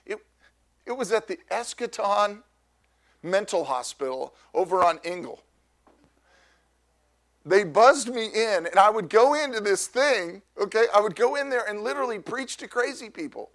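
Middle-aged male pastor, high voice, loud and animated storytelling sermon, frequent restarts. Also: moderate pace.

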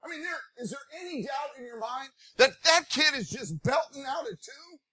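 High, bright-voiced preaching man. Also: moderate pace. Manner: animated, rising to shouts of praise; folksy, conversational preaching. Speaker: pastor. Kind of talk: sermon.

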